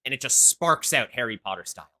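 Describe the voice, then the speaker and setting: Bright-voiced male game master. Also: mid-range voice, lively intonation. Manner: halting, full of fillers. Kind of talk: narrating a tabletop game.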